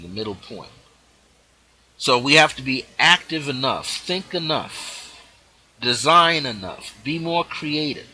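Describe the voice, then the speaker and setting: A man hosting a spiritual teaching show, speaking reflectively and letting his phrase endings drop off softly. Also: medium pitch, a little hiss or hum, rough recording.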